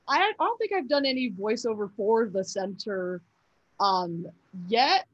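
A woman's voice: on the high side, lively intonation, unhurried, no echo. A young woman answering interview questions casually, hesitant, with many fillers and restarts. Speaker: interview guest. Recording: dull, dry sound.

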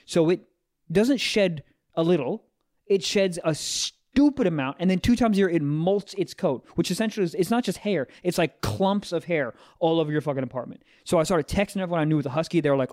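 Profane, animated young man telling a story. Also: on the high side, fairly quick. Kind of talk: casual chat.

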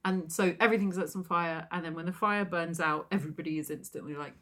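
A woman with a fairly low voice in relaxed podcast chat, recapping a stage show. She mostly chimes in with short, easygoing comments and brief retellings. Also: quick pace. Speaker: podcast co-host. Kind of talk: casual chat recapping a musical.

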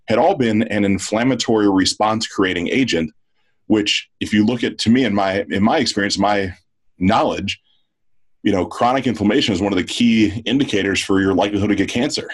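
Low-voiced man, halting and reflective. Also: rough recording. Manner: reflective, halting, searches for words. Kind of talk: casual chat.

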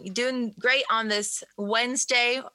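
A chatty woman from the United States tells stories over a remote call, her voice bright and forward. She sits a little higher than most women, loose and full of fillers and easy laughs. It feels like a relaxed guest spot. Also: measured pace, soft background music. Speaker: musician guest. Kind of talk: casual interview chat.

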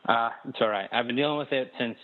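Man, from Denver, fitness coach, podcast guest, laid-back, hesitant, dull lo-fi audio. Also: medium pitch. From Denver, USA. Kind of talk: casual podcast interview.

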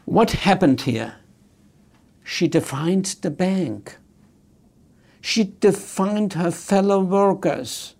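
Man, storytelling talk, acts out dialogue, gravelly, a bit high. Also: takes it slowly, pauses often. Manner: animated, acts out dialogue, repeats key words. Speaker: speaker on customer service.

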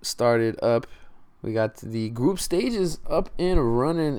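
A man's voice: mid-range voice, lively intonation, slow pace, a little mellow, smooth. A young man hosting a casual sports podcast, laid-back and slangy, thinking aloud with lots of fillers. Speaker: podcast host.

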